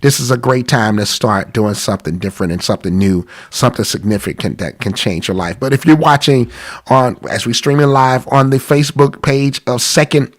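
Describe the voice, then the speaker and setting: A man's voice: medium pitch, fairly quick. A man hosting a live-streamed talk about money, congested from a cold, earnest and pleading, repeating himself. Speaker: podcast host.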